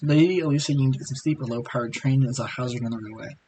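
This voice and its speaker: A hoarse man reading the lines of a stiff, formal man with no memory, curt in tone. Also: mid-range voice, very fast, dark tone, a little hiss or hum, close to an everyday voice.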